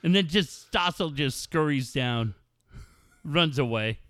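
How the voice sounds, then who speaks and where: A man on a casual talk show, trading crude banter and mocking impressions, loud and animated. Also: fairly high pitch, slow, no room sound. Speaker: co-host.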